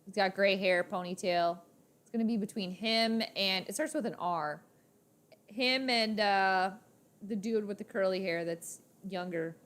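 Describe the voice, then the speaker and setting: A woman's voice: medium pitch, measured pace, fairly bright tone. A young woman hosting a live sports reaction stream, chatting in a rambling, playful way. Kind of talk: casual live-stream chat.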